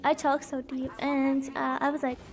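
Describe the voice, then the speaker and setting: A young woman streaming a game and chatting casually with viewers. She is sick, her voice is hoarse, and she laughs a lot and repeats herself. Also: high-pitched, little pitch movement, moderate pace, faint music behind. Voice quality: hoarse, voice sounds broken from illness. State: sick, coughing. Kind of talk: casual live-stream chat while gaming.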